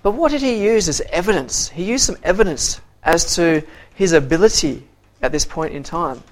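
Bible story lesson, quizzing the listeners, quoted character voices, halting repeated words. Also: mid-range voice, expressive.

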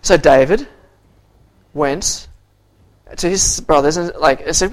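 A teacher giving an interactive Bible story lesson, acting out characters' lines in quoted voices, quizzing the listeners, and often repeating words while searching for the next phrase. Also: mid-range voice. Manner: halting, with frequent repeated words.

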